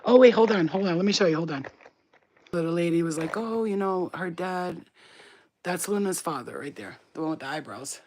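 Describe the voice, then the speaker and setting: A woman's voice: lowish voice, normal speed, darkish tone, a little hiss or hum. A woman in her thirties chatting casually, cursing freely and laughing often, teasing her dog. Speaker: vlogger. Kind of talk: casual chat.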